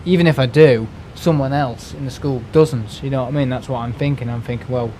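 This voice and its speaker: A man's voice: mid-range voice, a little fast, mellow. Guy ranting on his stream, keeps restarting words, swears a lot, bit of hum in the background. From United Kingdom. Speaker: live streamer. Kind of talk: casual ranting chat.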